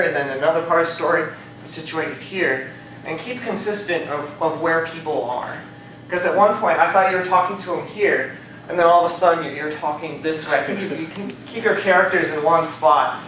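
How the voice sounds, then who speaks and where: A man's voice: on the high side, fairly bright tone, slight background noise. A man giving a spoken speech evaluation to a club audience, conversational and hedging often, heard from a distant mic in a very echoey room. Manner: conversational, hedges often with "I think" and "you know".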